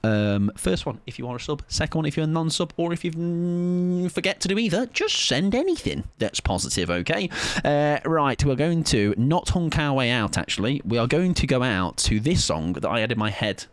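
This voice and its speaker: Young man, streamer sign-off chat, rambling, self-mocking, bouncy pitch, dry close mic. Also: very animated, moderate pace, no echo. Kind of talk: casual end-of-stream chat.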